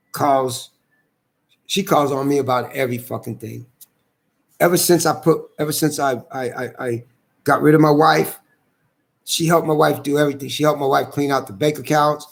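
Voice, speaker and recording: Man, gravelly voice, fairly high pitch, angry rambling monologue, swearing. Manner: agitated, repetitive, swears often. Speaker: vlogger airing a grievance.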